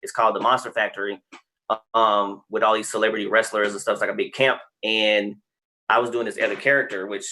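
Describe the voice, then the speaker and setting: A man from Texas talks fast in a bright, forward voice. He tells his stories with lots of energy and acts out the other people in them. The talk is loose, with plenty of swearing. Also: fairly low pitch. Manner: animated storyteller, acts out other people's lines, swears freely. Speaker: guest, creator of the wobble dance and wrestler. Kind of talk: casual podcast storytelling.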